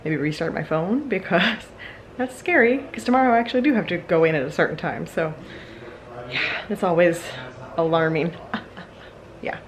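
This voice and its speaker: A woman's voice: lowish voice, normal speed, long pauses, slight background noise. A young woman casually vlogging in her home kitchen, chatty and upbeat, with bad jokes, on a handheld camera.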